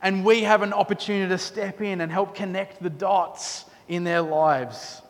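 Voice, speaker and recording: A man preaching a sermon, telling stories with lively quoted asides. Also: sits high, moderate pace, vocal fry. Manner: storytelling, animated with quoted asides. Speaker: pastor. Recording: long hall reverb.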